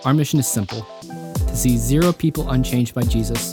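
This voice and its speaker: A man reads a calm, measured welcome as host of a church podcast. Clear guitar music plays behind his voice. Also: medium pitch. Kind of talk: scripted podcast intro.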